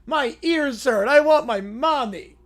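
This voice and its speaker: Guy doing a bratty little cartoon girl, high and whiny, throwing a tantrum voice. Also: animated, slow pace, full character voice. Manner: whiny, bossy tantrum talk. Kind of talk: reading a viewer's comedy skit aloud.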